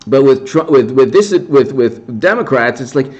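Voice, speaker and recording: A man's voice: mid-range voice, expressive, moderate pace, a little mellow, muffled recording. A man giving rambling, sarcastic political commentary on a casual livestream, often restarting his sentences.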